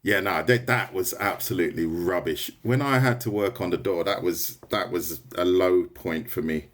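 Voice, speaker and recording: A man talks on his art livestream in an easy, rambling way. His voice sits slightly low, and he keeps breaking off to greet viewers. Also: moderate pace, a bit bright. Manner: rambling, chatty, answers viewer comments. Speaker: artist livestreamer. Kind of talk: casual livestream chat while drawing.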